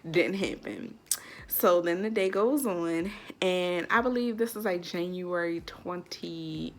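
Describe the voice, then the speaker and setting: A woman's voice: fairly low pitch, slow. A young woman vlogger telling a personal story in a casual, candid way, full of "like". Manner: chatty, lots of "like", candid.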